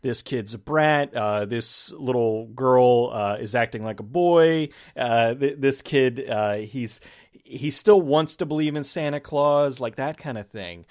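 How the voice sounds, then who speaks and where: A man with a medium-pitched, slightly dark voice hosts a movie review channel, speaking at a measured pace. His chat is casual and rambling, full of restarted phrases, and he acts out his own reactions as he goes.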